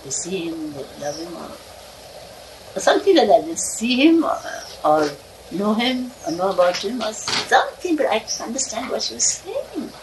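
A woman recalls her childhood in a loose, meandering way, laughing between lines, and her voice rises and falls a great deal. She sits some way from the mic, and a clear background hiss runs under her words. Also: mid-range voice, big pitch swings, moderate pace, recorded from a distance. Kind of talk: casual spoken reminiscence.

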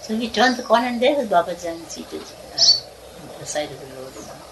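A woman recalls her childhood in a loose, meandering way, laughing between lines, and her voice rises and falls a great deal. She sits some way from the mic, and a clear background hiss runs under her words. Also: mid-range voice, sing-song, normal speed, recorded from a distance. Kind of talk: casual spoken reminiscence.

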